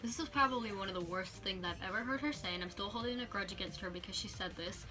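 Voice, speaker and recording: A woman telling a personal story on a vlog in an animated, chatty way with lots of fillers. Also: mid-range voice, fast. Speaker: vlogger.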